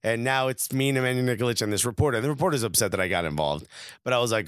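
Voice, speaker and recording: A man co-hosting a casual podcast, telling stories in an animated way, acting out what people said and laughing often, recorded in a small hotel room. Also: medium pitch, very fast, smooth, no room sound, studio quality. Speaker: podcast co-host. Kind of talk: casual storytelling chat.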